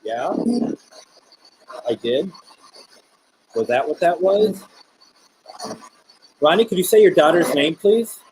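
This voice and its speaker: A man hosting a live spirit box stream, talking gently with viewers and politely calling on spirits. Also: fairly high pitch, expressive, takes it slowly, long pauses, a little hiss or hum, poor audio.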